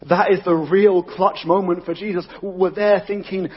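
Brief: man, youth preacher, husky and fairly high voice, lively slangy delivery, dull recording in a big echoing hall. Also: brisk, few pauses. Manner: excitable, exclamatory, casual slang. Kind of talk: energetic sermon.

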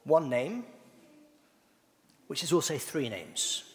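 A middle-aged male pastor delivers a sermon, asking his congregation questions in a playful manner. His voice sits on the higher side and moves up and down in a lively way. The sound carries the long reverb of a church hall. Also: slow. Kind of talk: sermon with congregation call-and-response.

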